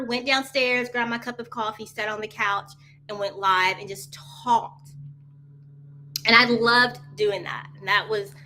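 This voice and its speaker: Bright, chatty woman hosting a live chat. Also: a little high, slight background noise. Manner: rambling, chatty, jumps between topics and answers viewer comments; laughs often, talks straight to viewers as y'all. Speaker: host of a live coffee chat show. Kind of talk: casual live-stream chat.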